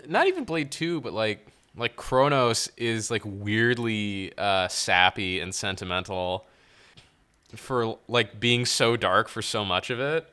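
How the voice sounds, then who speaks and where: Bright, lively, opinionated man. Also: on the low side, slow, smooth. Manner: opinionated, wry. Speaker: podcast co-host. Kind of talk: casual movie chat.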